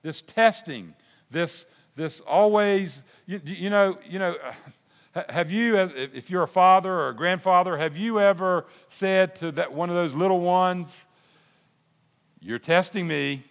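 An older man preaching a sermon, folksy and animated, with restarts and asides. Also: sits high, a little slow, smooth. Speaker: pastor. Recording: long hall reverb.

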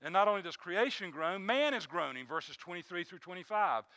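A man delivering a sermon from the pulpit, his voice pitched high with a gravelly edge. He pushes phrases with bright force, then sinks to a hushed low tone on the points he wants to land. The sound is dry and close. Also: animated, a little fast, no room sound. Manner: preaching with rising emphasis and many restarts; drops to a soft low voice on key phrases. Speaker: pastor.

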